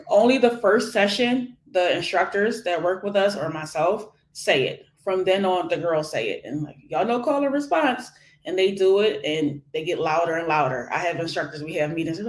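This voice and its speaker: Woman, forties, from Philadelphia, animated guest talk, laughs a lot, roomy echo. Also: on the low side, moderate pace. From Philadelphia, USA. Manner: energetic and animated, laughs often. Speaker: education nonprofit founder, guest. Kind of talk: conversational interview. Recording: echoey room.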